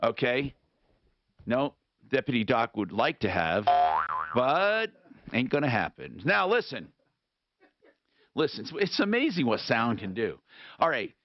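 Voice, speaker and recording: A man hosting a call-in radio talk show, rambling and thinking out loud with frequent restarts. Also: medium pitch, huge pitch swings, a little slow, pauses often, a little hiss or hum. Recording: dull lo-fi radio broadcast.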